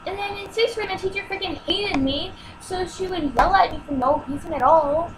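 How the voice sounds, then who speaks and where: A woman's voice: very high voice, normal speed, background noise. A teenage girl telling a personal story in a home vlog, exasperated and emotional as she acts out what people said. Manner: emotional, exasperated retelling with acted-out quotes.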